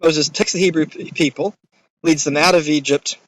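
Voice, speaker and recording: A man's voice: on the high side, steady tone, normal speed, dry recording, poor audio. A man giving a recorded course lecture in a conversational, emphatic way, with occasional fillers.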